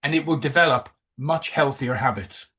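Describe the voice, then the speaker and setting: A man's voice: mid-range voice, normal speed, pushed and bright. A man giving a coaching presentation, emphatic, who repeats key phrases.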